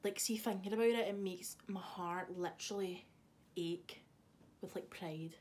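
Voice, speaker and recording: A woman's voice: on the low side, measured pace, darkish tone. A young woman, chatting casually to camera in a vlog, swearing freely and teasing someone off camera. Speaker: vlogger. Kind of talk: casual chat.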